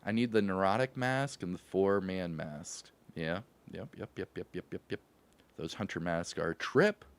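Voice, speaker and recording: A man from Louisville, Kentucky, hosts a gaming livestream, greeting his chat in an upbeat, slangy way and laughing often as he chats casually with viewers. His voice is low and clean, at a moderate pace.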